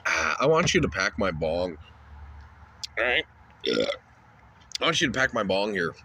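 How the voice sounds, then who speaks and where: A man's voice: low-pitched, sing-song, normal speed, noisy background. A man hosting a shock-humour comedy show, ranting crudely and insulting people.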